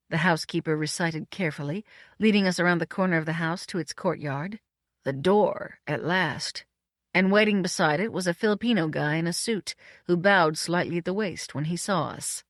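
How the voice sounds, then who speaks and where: A woman narrating an audiobook in a measured, dryly witty way. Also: on the low side, no echo, clean studio sound. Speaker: audiobook reader. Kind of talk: scripted storybook narration.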